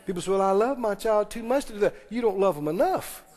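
A man preaching. His voice sits high for a man. The long reverb of a large church hall carries every phrase as he calls for answers from the pews. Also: animated, a little mellow. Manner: preaching with call-and-response, quick asides and laughs. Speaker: pastor. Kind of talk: sermon. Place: church sanctuary.

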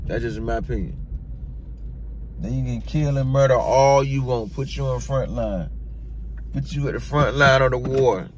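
A man vlogging his opinions in a blunt, emphatic, repetitive way. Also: mid-range voice. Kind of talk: opinion rant to camera.

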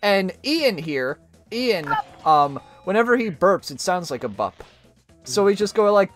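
Lively joking male streamer. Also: high-pitched, unhurried. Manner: joking, laughs often, mock British voice. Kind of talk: casual chat over a party game. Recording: faint music behind.

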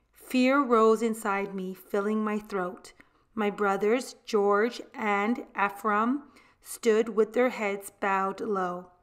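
A woman reading a picture book aloud, gentle storytelling that gives voice to the characters. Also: medium pitch. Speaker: storybook reader.

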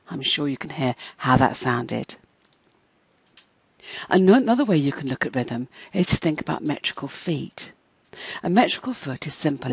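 An adult literature lecturer talks through a scripted lesson with a slightly breathy, husky voice. The delivery is measured and clear, stretching out syllables to make each stress pattern easy to hear. The sound is close and dry. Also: medium pitch, dry recording, poor audio. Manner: clear, measured teaching tone, slowing to stress each beat when demonstrating rhythm.

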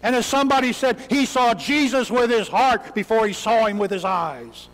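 A man's voice: very high-pitched, moderate pace. A man preaching a sermon in a church, telling the story dramatically and crying out the lines of the people in it. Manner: dramatic storytelling preacher who acts out cries. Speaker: pastor. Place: church sanctuary. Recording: long hall reverb.

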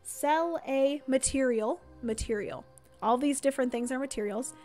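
Young woman streaming a board game, high voice, rambly with lots of ums and likes, soft music under it. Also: moderate pace. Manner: chatty, filler-heavy, reads and answers chat. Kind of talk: casual livestream chat.

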